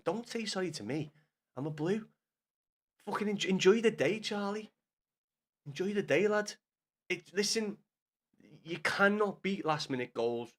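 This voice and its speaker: Young man, fairly high voice, live-stream gamer, sweary banter with chat. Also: expressive, unhurried, long pauses, fairly bright tone.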